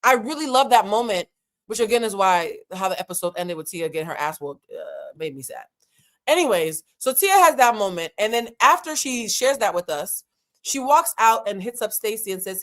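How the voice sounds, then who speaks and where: A woman's voice: mid-range voice, sing-song, normal speed, fairly bright tone. Frank, slangy woman host chatting. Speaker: host of a reality TV recap show. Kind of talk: casual commentary.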